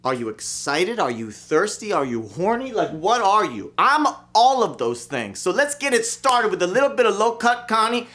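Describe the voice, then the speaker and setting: A man hosting a livestream show from Philadelphia, brash, excitable and profane as he calls out to viewers. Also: sits high, normal speed, few pauses. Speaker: host and bandleader.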